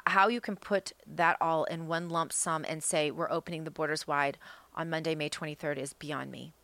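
A woman with a low-pitched but sharp, forceful voice delivers an impassioned political monologue straight into the mic. She talks in an emphatic, amped-up way, full of rhetorical questions. The recording is close and dry, with no room sound. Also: no room sound. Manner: fired-up, emphatic, rapid ranting with rhetorical questions. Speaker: political commentary host.

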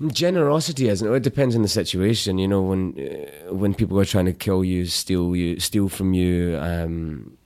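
Scottish male actor, low register, soft-spoken, halting interview guest. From Scotland. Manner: soft-spoken, halting with restarts, laughs easily. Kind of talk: casual interview chat.

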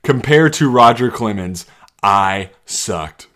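A man's voice: expressive, slow pace. Man ranting and laughing at his own jokes. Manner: swings between loud mocking bits and low muttered asides, laughs at own jokes. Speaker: podcast host. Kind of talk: solo comedic rant. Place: home basement.

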